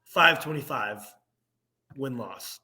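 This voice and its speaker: A young man co-hosting a casual sports podcast, ranting with animated energy and laughing at himself. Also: medium pitch, takes it slowly. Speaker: podcast co-host.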